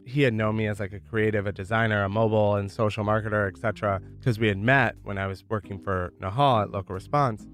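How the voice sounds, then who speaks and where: A man's voice: fairly low pitch, steady tone, fast talker, few pauses, fairly bright tone. A man from Michigan telling his founder story in a candid, chatty way, dropping "like" often. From Michigan, USA. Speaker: entrepreneur guest. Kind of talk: casual storytelling.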